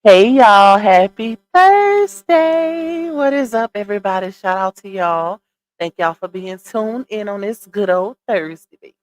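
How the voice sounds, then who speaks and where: A livestream gossip host chats casually with her viewers, greeting them by name, and sounds a little winded from a cold. Her voice is medium-pitched at a moderate pace, captured through a computer streaming setup.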